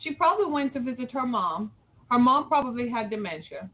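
Animated and brisk, a fairly high-voiced woman in middle age rails through an opinion monologue, firing off one rhetorical question after another. She hosts a talk show out of Metro Detroit, Michigan, and the recording sounds tinny, as if over a phone.

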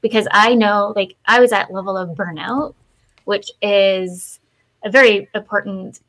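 A woman's voice: mid-range voice, a little slow, a bit bright, poor audio. A woman hosting a casual podcast, earnest and frank, while losing her voice. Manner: earnest, frank, with many "like" fillers. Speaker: podcast host.

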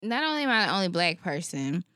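A woman's voice: fairly low pitch, fast talker, no room sound, studio quality. A woman co-hosting a podcast, chatting casually and acting out the people in her anecdotes. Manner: animated, acts out the people in her story. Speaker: podcast co-host. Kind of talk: casual chat, storytelling.

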